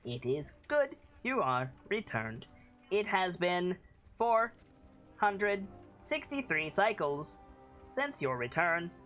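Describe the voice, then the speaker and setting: A game master voicing a small, formal clockwork robot soldier that speaks in flat, clipped phrases. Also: medium pitch, slow, faint music behind.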